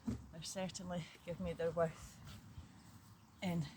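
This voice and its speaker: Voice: mid-range voice, level tone, takes it slowly, darkish tone, a little hiss or hum. An older vlogger chatting casually in a matter-of-fact way while working outdoors in a garden. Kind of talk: casual chat.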